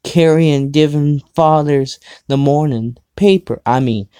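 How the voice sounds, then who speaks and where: Guy reading fanfic on his show, slow and mellow, keeps stopping to snark at it. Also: fairly high pitch, clean tone, no room sound, studio quality. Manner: sarcastic asides, stumbles over the text. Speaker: show host reading fan fiction. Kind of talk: casual dramatic reading with commentary.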